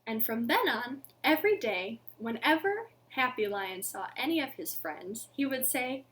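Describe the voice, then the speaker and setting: Librarian reading a picture book to kids from home; high, slow and very expressive, building suspense. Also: female voice. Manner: expressive, dramatic, drawn-out storytelling with pauses for suspense. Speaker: children's librarian reading a storytime. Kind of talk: children's picture-book read-aloud.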